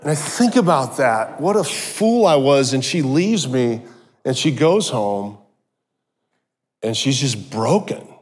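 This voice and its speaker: Middle-aged man giving a lively testimony. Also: medium pitch, slow pace. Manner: animated storytelling with joking asides. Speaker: guest speaker. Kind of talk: personal testimony sermon. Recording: long hall reverb.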